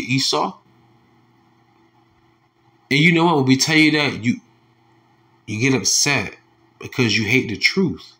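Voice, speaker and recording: A heated male preacher, who reads scripture in a low, slow voice and then breaks into angry, mocking street talk. He curses freely and scoffs as he preaches. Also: fairly bright tone. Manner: heated, profane, mocking, drops to low tones reading verses. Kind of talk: scripture commentary with angry asides.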